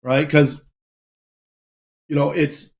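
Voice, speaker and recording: A man in casual chat, telling a story with lively energy and acting out other people's lines. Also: a little high, slow. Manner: animated, acts out voices and shouts in anecdotes. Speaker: podcast host.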